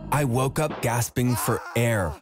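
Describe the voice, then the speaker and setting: A man telling a scripted first-person story in an even, measured way. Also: mid-range voice, soft background music. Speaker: narrator.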